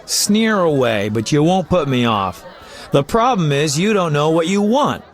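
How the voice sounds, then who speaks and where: A man's voice: fairly high pitch, sing-song, measured pace, a faint crowd. A man voicing a chatty, flamboyant male poet and bard who talks in a teasing, talkative way. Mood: coaxing. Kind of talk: video game voice acting.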